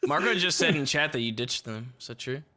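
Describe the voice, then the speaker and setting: Male streamer, bright and animated, profane, excitable banter. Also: medium pitch, brisk. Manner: swearing, laughing, excitable outbursts. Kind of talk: casual gaming stream chat.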